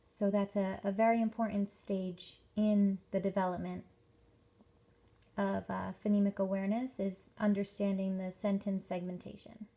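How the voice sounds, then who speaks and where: A young woman teacher giving a workshop presentation to parents, explaining slowly and carefully with lots of examples. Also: medium pitch, flat delivery, warm tone. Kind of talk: instructional presentation.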